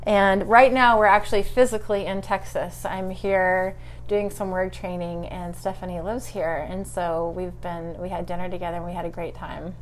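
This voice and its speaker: A woman's voice: fairly low pitch, little pitch movement, moderate pace, a little hiss or hum. A middle-aged woman interviewing an old friend in a friendly, encouraging way, with murmurs of agreement as she listens. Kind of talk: casual conversational interview.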